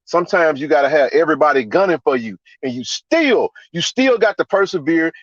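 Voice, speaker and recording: A man hosting a live sports reaction stream, ranting in a fired-up, profane way and repeating himself for emphasis. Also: dry recording. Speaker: podcast host. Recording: dry, dull low-fi sound.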